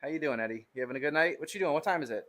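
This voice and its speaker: A man's voice: fairly high pitch, racing, fairly bright tone. A man chats casually on a live stream while he trains in a home gym. He teases a viewer in a joking way, laughing and sighing between lifts as he catches his breath. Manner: joking, teasing banter with a viewer, laughs and sighs. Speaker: fitness streamer.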